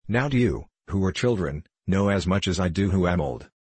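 Old gentle lama, formal old-fashioned talk, low husky tone, read by a man. works for an audiobook. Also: expressive, no echo. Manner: slow, formal, archaic speech.

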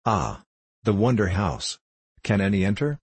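Old gentle lama, formal old-fashioned talk, low husky tone, read by a man. works for an audiobook. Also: very animated, no room sound, exaggerated voice. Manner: slow, formal, archaic speech.

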